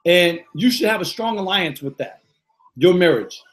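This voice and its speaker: A man's voice: sits high, expressive, moderate pace, fairly bright tone. A middle-aged man, a motivational coach, talking live to viewers in an exuberant, repetitive way full of slang fillers.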